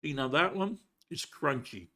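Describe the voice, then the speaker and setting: A man's voice: fairly high pitch, expressive, measured pace, sharp tone. A man hosting a casual livestream from home, chatting in a rambling way and sometimes talking while he eats. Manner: rambling, chatty, with frequent restarts; talks while eating. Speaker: livestream host. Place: home in Colombia.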